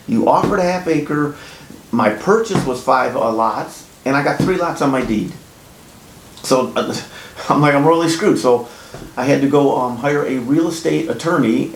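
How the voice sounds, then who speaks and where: A man who flips houses, telling his own story in a blunt, casual, profane way and getting animated when he quotes himself. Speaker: house flipper. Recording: echoey room with faint rumble.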